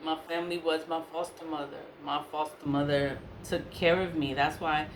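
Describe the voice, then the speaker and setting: A woman telling a personal story in casual talk, animated and exasperated, repeating her phrases and laughing between lines. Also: sits low, normal speed. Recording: echoey room with faint hiss.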